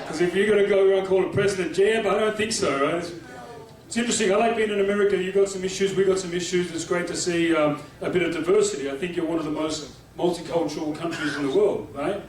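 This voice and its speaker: A man doing a stand-up comedy set on a club stage, chatty and punchy, constantly checking in with the crowd. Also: sits high. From Australia. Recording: echoey room taped from far off with crowd noise.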